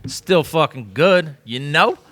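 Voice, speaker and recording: Bright-voiced, slangy podcast guest. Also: male voice, a little high, animated, slow pace. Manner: slangy storytelling with frequent laughs and swearing. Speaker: podcast guest, battle rapper. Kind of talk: casual podcast chat.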